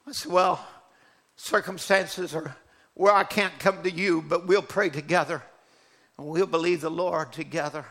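A man's voice: a little high, fairly even intonation, unhurried, a bit bright. A man preaching a sermon, telling a personal testimony in an earnest, fervent way. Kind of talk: sermon storytelling.

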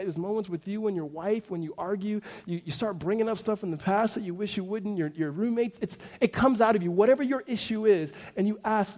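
A man in his thirties preaching a sermon to his congregation in a conversational way, dropping to a hush and then rising to emphatic points. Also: high-pitched, a little fast, few pauses. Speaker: pastor.

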